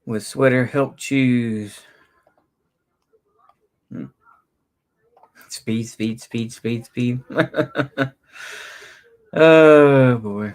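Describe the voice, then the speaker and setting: Speaking to his stream's chat, a man from Texas in his thirties talks loosely and haltingly, often starting over. He has a Texan accent and a medium-pitched voice.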